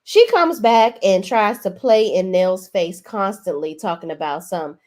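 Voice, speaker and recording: A woman's voice: mid-range voice, animated, a little slow, a little mellow. A woman hosting a reality TV recap, talking in a sassy, profane, emphatic way. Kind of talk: casual profane commentary.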